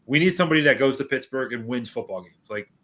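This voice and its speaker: A man's voice: mid-range voice, lively intonation, fast, a bit bright. A man co-hosting a sports podcast, arguing his takes emphatically and repeating points for punch. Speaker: podcast co-host. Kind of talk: casual sports chat.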